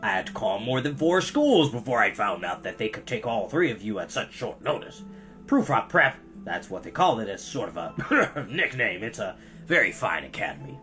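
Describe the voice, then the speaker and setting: Reader putting on a pompous middle-aged banker, slow loud drawl, lively pitch, coughing, self-satisfied. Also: soft background music. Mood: boastful.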